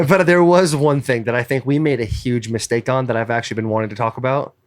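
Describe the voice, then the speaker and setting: A man hosting a casual podcast, teasing and loud in animated group banter. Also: medium pitch, fast talker. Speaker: podcast host.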